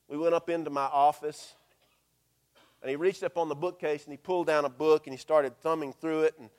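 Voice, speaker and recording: A man, a pastor telling a story in his sermon and quoting scripture in a hushed, slow voice. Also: on the high side.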